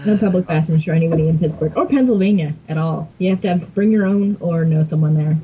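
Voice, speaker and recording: A woman's voice: low-pitched, fast, dark tone, lo-fi sound. A woman from Virginia and New York, a podcast guest joking dryly in casual chat.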